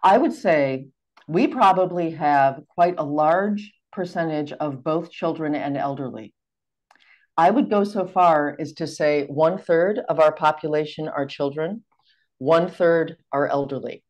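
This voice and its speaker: A low-pitched American woman guides a group through an exercise in a calm, orderly way. She speaks carefully and politely, with a deeper voice for a woman, over a video call microphone. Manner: measured, clear, courteous. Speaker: seminar facilitator. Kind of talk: giving instructions on a video call seminar.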